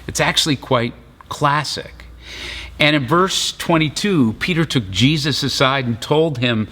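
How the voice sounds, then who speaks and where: A man's voice: mid-range voice, a little slow, bright, forceful tone. A middle-aged man preaching a sermon in a conversational storytelling way, acting out the voices of the people in his story. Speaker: pastor.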